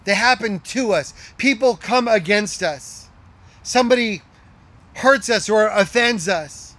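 A middle-aged male pastor delivering a sermon in a notably high voice. He presses his points with emphasis and says key lines twice, sometimes sinking to a near hush. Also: measured pace. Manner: emphatic, repeats key lines, drops to a hush for quoted words.

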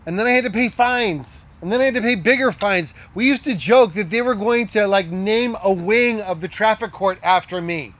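Here a middle-aged pastor with a voice that sits high delivers his sermon. He stresses his points, says the important lines again, and at times drops almost to a whisper.

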